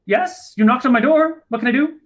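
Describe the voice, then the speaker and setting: A man's voice: very high-pitched, fairly quick, voice pushed up. A man voicing a tiny male forest gnome who talks in a fussy, haughty way. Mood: polite.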